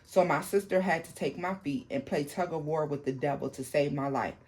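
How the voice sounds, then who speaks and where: Speaking at a medium pitch, a tarot channel host reads a viewer's paranormal story aloud, haltingly, restarting and making asides to the audience.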